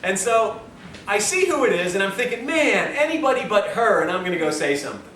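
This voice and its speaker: Male health lecturer, animated storyteller, recorded on a far mic with faint hiss. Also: high-pitched, fast, roomy sound. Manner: animated, self-mocking storyteller. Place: lecture room with audience.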